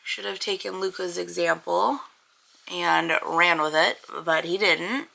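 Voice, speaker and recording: A woman's voice: on the low side, fairly even intonation, a little slow, creaky, sharp tone, poor audio. A young woman chatting casually to camera as a book vlogger, rambling with lots of fillers. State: congested, with a cough.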